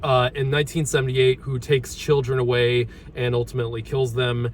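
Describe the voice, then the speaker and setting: A man hosting a casual movie review, halting often with ums and restarts as he talks through a horror mask. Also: medium pitch, flat delivery, slight background noise.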